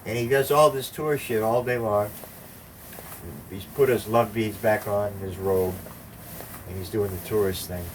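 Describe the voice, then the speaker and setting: A man's voice: lowish voice, fairly even intonation, a little slow. An older man telling a rambling, profane anecdote in casual conversation, acting out the voices of the people in it. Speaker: storyteller. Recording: distant mic with faint background noise.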